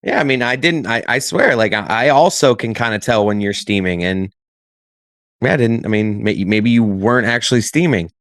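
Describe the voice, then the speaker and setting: A man's voice: mid-range voice, normal speed, a bit bright, no room sound, studio quality. A young adult man co-hosting a podcast in casual chat, teasing and acting out scenes in little voices. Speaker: podcast co-host.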